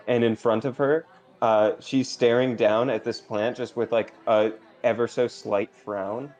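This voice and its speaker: Low-voiced hesitant male game master. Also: darkish tone. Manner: hesitant, many fillers. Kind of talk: narrating a tabletop game. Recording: dull lo-fi stream audio with faint music.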